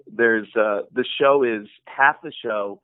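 A man who works as a voice actor and impressionist, telling stories in a casual interview and acting out quotes with big jumps in pitch. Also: takes it slowly, clean tone, dry recording. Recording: tinny phone-like line, dry.

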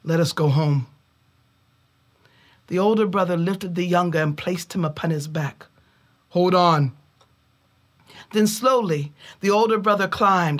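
A woman telling a folk tale in a measured way, with dramatic pauses. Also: on the low side, fairly bright tone. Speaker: storyteller. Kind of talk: oral storytelling.

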